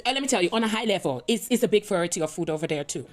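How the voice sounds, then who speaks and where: A woman's voice: mid-range voice, expressive, very fast, faint music behind. Chatty woman, Papiamento native speaker. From Dutch Caribbean. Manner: chatty, rambling, asks "you understand?" often. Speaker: reaction video host. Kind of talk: casual commentary to viewers.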